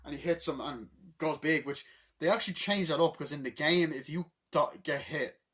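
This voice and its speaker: A young man rambling excitedly through a movie recap, swearing freely and acting out the lines. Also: on the high side, moderate pace, husky. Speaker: movie reviewer. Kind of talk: rambling casual movie review.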